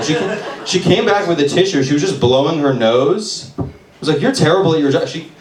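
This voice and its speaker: A man's voice: fairly high pitch, expressive, fairly quick, darkish tone. A man in his twenties doing a stand-up set at an open mic, crude and self-deprecating in a sardonic way. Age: 20s. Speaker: stand-up comedian. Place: open mic in a bar room with audience. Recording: echoey room, distant mic, crowd laughter. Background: audience laughing.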